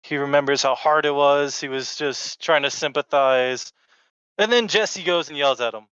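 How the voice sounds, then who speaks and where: A man's voice: on the high side, normal speed, fairly bright tone, clear, resonant tone, no echo. A man appearing as a podcast guest, retelling a story in offhand, laid-back casual chat. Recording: dull lo-fi podcast audio.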